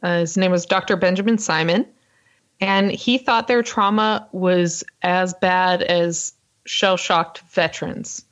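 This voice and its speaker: A woman co-hosting a podcast, recounting a story in a casual, fast, filler-heavy way. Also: fairly low pitch, lo-fi sound. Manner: fast-talking, lots of ums and uhs. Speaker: podcast co-host.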